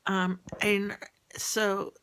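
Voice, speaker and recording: A woman rambling and venting in a personal audio diary, often halting and trailing off mid-thought. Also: medium pitch, little pitch movement, fairly bright tone, a little hiss or hum. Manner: venting about a relative.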